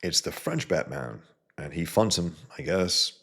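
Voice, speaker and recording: A man's voice: expressive, measured pace, a bit bright. A man hosting his own video, talking casually and bluntly to viewers about comics, with many fillers and restarts. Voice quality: gravelly, husky low voice. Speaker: comic book creator and video host. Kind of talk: casual rambling talk to viewers.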